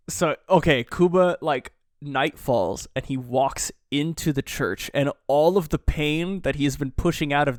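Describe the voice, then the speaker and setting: A man's voice: mid-range voice, no room sound, studio quality. A man co-hosting a podcast, casually recapping a comic chapter, reading lines aloud with swearing and laughter. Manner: animated, swears, reads out lines. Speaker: podcast co-host.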